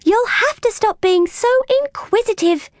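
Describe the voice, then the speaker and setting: A breathless young girl from a storybook, pitched very high with lively swoops, as a woman reader puts her on. She sounds eager and close to tears, and the room is dry and close. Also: a little slow, dry recording. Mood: anxious girl. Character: excitable young girl, worried for her cat.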